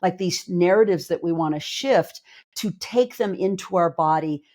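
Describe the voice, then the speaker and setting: A woman's voice: lowish voice, normal speed, dark tone. A woman clinical psychologist and life coach, explaining ideas earnestly in a casual podcast conversation, with emphatic, everyday examples.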